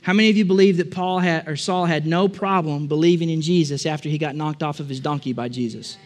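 High-voiced man preaching a lively sermon. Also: fast. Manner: conversational storytelling that builds to emphatic repetition. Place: church with a balcony.

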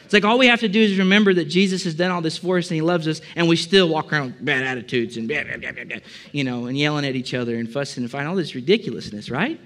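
Male pastor, fairly high voice, chatty sermon full of jokes and questions to the room. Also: quick pace, hardly any pauses, a bit bright. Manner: chatty, joking, asks the congregation questions. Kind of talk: conversational sermon. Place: church service before a congregation.

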